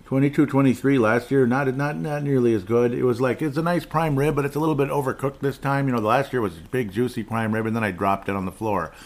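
A man's voice: medium pitch, brisk. A middle-aged man hosting a casual solo sports podcast, rambling and digressive with chuckling asides. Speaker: podcast host.

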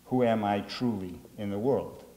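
A man's voice: on the low side, moderate pace, mellow, big-room sound. Earnest man with a Boston accent. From Greater Boston. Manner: earnest, restarts his sentences often. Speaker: author. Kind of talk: reflective interview and address to students.

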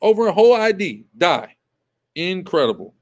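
A man's voice: high voice, very animated, moderate pace. Emphatic man with a raised voice. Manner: emphatic and repetitive, often asks "right?". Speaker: show host. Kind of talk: live commentary on a video.

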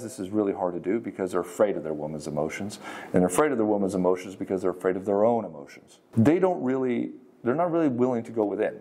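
A man's voice: on the low side, dark tone. A man giving frank, conversational relationship advice, swearing casually and acting out what partners say. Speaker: dating and relationship coach. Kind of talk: casual advice monologue to the camera.

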